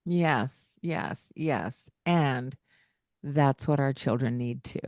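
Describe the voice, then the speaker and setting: A woman co-hosting a parenting podcast in a casual chat, animated and breaking into singsong greetings as she acts out talking to children. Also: very deep voice, slow, no echo, studio quality. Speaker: podcast co-host.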